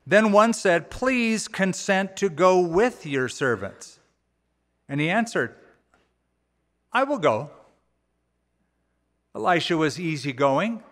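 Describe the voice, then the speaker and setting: A man preaches from the pulpit, casually retelling scripture and slipping into lively quoted voices. His voice sits a bit high. The sound rings with the long reverb of a church hall. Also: slow, long pauses. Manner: conversational, folksy paraphrasing with animated quoted voices. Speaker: pastor. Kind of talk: sermon. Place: church auditorium.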